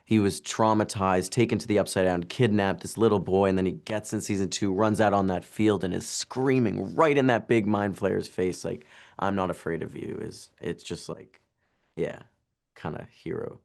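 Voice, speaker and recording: A man's voice: low-pitched, gravelly, a little mellow. A man in his twenties, an actor giving an interview, chatting casually with lots of fillers and restarts. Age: 20s. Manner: chatty, halting, full of "like" and restarts.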